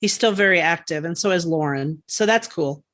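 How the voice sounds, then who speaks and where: A woman co-hosting a gardening podcast, chatting casually and enthusiastically, quick to laugh. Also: on the low side, a bit bright. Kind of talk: casual chat.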